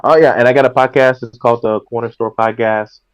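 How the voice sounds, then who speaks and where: A male comedian guest chatting casually on a podcast, laughing often and trailing off in a relaxed way. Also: mid-range voice, fairly quick, smooth. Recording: dull lo-fi sound.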